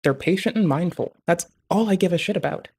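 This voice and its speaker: Here a streamer with a mid-range, slightly mellow and somewhat rough voice vents at a brisk clip. It's a rambling, foul-mouthed rant, with "like" and "bruh" dropped in all the time.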